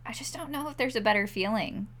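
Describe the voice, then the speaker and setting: A woman's voice: fairly high pitch, quick pace, fairly bright tone. A woman co-hosting a casual podcast, bantering and making self-deprecating jokes. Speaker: podcast co-host. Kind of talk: casual chat.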